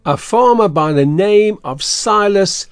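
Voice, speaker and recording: An actor playing a scheming, bossy swindler in an audiobook, blustering and threatening. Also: male voice, high voice, expressive, takes it slowly, clear, resonant tone, no echo, clean studio sound, soft background music, exaggerated voice. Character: scheming middle-aged male swindler, gruff and bossy. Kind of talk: audiobook character reading.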